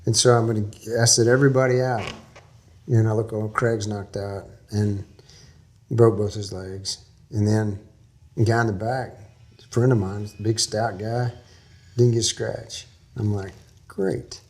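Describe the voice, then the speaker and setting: Folksy low-voiced man telling a story. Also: little pitch movement, measured pace, a little mellow. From Texas. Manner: folksy, rambling, laughs while telling. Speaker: interview guest. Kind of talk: storytelling in a podcast interview.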